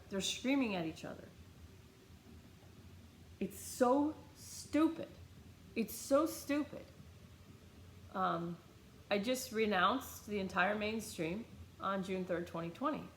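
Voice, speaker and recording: Blunt, animated middle-aged American woman vlogger, casual storytelling, roomy sound. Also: mid-range voice, normal speed, a little hiss or hum. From United States. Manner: blunt, animated, swears freely.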